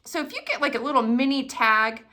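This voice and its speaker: A chatty woman in middle age gushes over each new craft item she unboxes, thrilled and talkative. Her voice is a little higher than most and sharply bright. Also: brisk. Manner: gushing, excitable, chatty. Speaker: craft product demonstrator. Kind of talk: casual unboxing chat.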